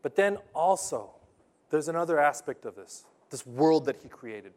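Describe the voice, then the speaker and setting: A man preaching a sermon, telling a story with lively swings between loud, punchy lines and hushed, earnest ones. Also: on the high side, normal speed. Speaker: pastor.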